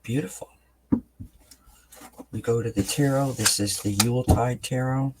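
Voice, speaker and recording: A man doing a tarot card reading for his channel, explaining each card in a calm, unhurried way with pauses and fillers. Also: mid-range voice, very noisy. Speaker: tarot reader.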